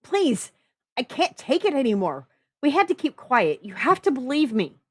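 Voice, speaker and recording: A woman's voice: sits high, sing-song, normal speed, slightly rough, no echo, pitched above the performer's own voice, heavily acted. A woman voicing a skinny, timid young man who is crying as he pleads. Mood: pleading, tearful.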